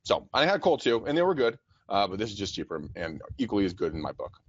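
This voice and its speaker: A man in his forties co-hosting a real estate show, talking in an energetic, profane, joking way and laughing often. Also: fairly low pitch, fast talker, slightly rough, no echo, lo-fi sound. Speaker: podcast co-host, real estate agent. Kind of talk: casual chat. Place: office.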